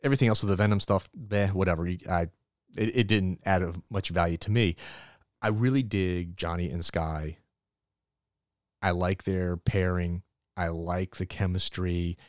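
Deep-voiced man recapping comics casually. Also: fairly even intonation, no echo, studio quality. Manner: rambling recap with quick voiced asides for characters. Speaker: podcast host reviewing comics. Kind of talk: casual solo review recap.

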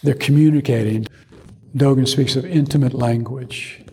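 A male Zen teacher giving a dharma talk, telling stories in a measured way with pauses. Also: mid-range voice, warm tone, a little hiss or hum. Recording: long hall reverb.

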